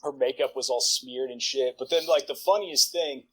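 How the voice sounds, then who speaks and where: Husky guy in his 40s rambling thru a crude story on a podcast, tons of likes and laughs. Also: mid-range voice, moderate pace, fairly bright tone, low-quality recording. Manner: rambling, profane, filler-heavy, laughs mid-sentence. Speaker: podcast guest. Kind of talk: casual storytelling anecdote.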